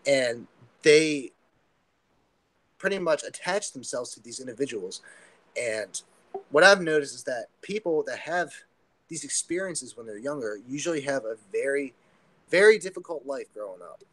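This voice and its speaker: A man with a mid-pitched voice talks casually as a podcast guest. He tells a story in an earnest, rambling way, often stopping and restarting with fillers. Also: lively intonation, normal speed, fairly bright tone, rough recording.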